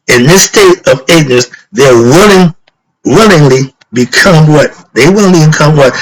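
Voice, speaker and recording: A husky-voiced man lecturing on spirit and mind, forever asking "what?" and answering himself. His talk is loose and street-casual, and it heats up when something bothers him. He sounds middle-aged and settled in his views. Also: fairly high pitch, fairly bright tone, rough recording. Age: middle-aged or older. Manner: preachy, asks rhetorical "what?" questions and answers them; casual slang, gets worked up. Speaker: philosophy talk host.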